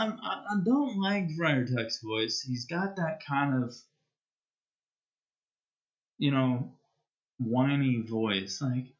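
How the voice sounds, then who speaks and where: A man's voice: medium pitch, lively intonation, slow pace, long pauses, lo-fi sound. A man streamer chatting casually as he wraps up a live game stream, rambling and hesitant with many restarts.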